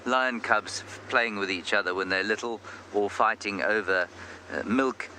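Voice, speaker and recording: A man's voice: fairly low pitch, normal speed, sharp tone. A man working as a safari guide, giving chatty, self-deprecating commentary on a live game drive from an open vehicle outdoors. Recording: outdoor noise from a moving vehicle.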